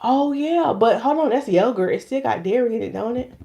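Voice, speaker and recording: A woman's voice: on the high side, lively intonation, fairly quick, creaky, mellow. Chatty, playful woman hosting a live chat. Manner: chatty, playful and churchy, addresses viewers directly. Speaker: hair stylist and channel host. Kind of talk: casual live chat with viewers.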